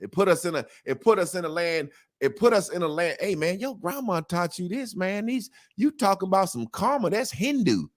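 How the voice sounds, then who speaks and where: Animated man with a lively voice. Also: high-pitched, a little fast, hardly any pauses. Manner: animated and emphatic, with slang and repetition. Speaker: interview guest. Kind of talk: casual conversational interview.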